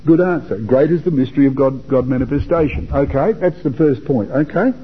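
Husky older man teaching a Bible class. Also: mid-range voice, fairly quick. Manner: chatty, repeats words, asks listeners questions. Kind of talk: informal Bible talk to young men. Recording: dull lo-fi recording.

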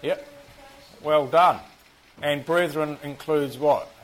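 A man with a New Zealand accent and a voice on the high side speaks slowly while teaching a Bible class. Chatty and self-deprecating, he quizzes the group and jokes at his own expense. The audio quality is poor.

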